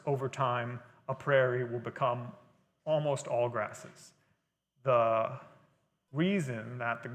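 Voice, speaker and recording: A man's voice: mid-range voice, fairly bright tone, long reverb tail. A man giving a conversational, explanatory talk at a library. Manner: explanatory, conversational lecturing with fillers. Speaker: guest speaker. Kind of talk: library lecture on gardening.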